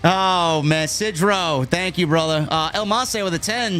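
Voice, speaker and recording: A man's voice: high voice, fairly bright tone, faint music behind. Laid-back man reading chat messages. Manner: reads viewer messages and jokes slowly, laid-back. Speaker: podcast co-host reading super chats. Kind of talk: casual chat.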